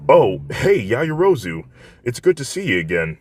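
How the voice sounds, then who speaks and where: A man's voice: mid-range voice, big pitch swings, normal speed, no room sound, voice pushed up. A man voicing a modest, hesitant teenage boy. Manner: hesitant, with filler words.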